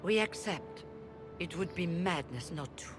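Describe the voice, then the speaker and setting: An actor voicing a solemn, measured leader of rebel mages in a video game. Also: mid-range voice, expressive, music in the background, lightly acted.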